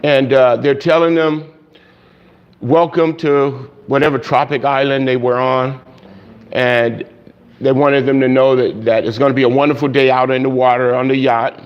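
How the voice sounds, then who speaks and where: A man preaching a sermon, telling a story and acting out the voices of its people, growing loud and high at its peaks. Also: steady tone, moderate pace, clear, resonant tone. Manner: storytelling, acts out quoted voices, rising loud and high at climaxes. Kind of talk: sermon illustration. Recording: dull lo-fi sound.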